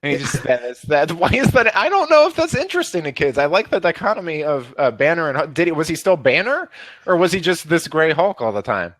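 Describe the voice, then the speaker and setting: A man in casual chat with a lively, swooping pitch and a slightly high voice. He jokes around, laughing in the middle of his sentences, recorded dry and close. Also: brisk, dry recording. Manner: animated and joking, laughs mid-sentence. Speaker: podcast co-host.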